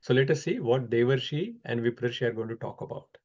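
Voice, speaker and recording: A man teaches a scripture class in a calm, explanatory way, pausing often to think. His voice sits at a middle pitch, and the online call audio is a little dull and lo-fi. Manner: measured, explanatory, frequent "uh" pauses.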